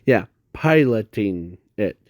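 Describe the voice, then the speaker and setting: Very slow, halting man rambling a story. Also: lowish voice, animated, a little mellow, dry recording, clean studio sound. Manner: halting, rambling, with constant restarts and self-corrections. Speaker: fan storyteller. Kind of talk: casual improvised fan story.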